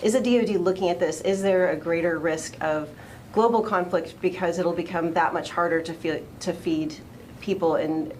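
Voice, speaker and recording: A woman reporter with a somewhat low voice puts steady, detailed questions at a press briefing. A faint hiss runs under the recording. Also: moderate pace.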